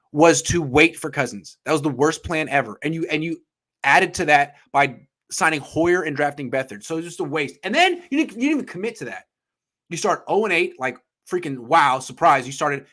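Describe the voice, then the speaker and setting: A man co-hosting a sports talk show, ranting in an emphatic, heated way and swearing as he gets excited. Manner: ranting, emphatic, swears, pitch jumps when worked up. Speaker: podcast co-host.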